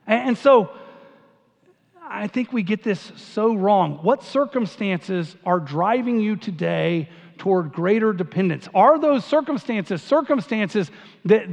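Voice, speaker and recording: A man preaching a sermon to his congregation, conversational and emphatic, often repeating himself. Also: high voice. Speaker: pastor. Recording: dull sound, long hall reverb.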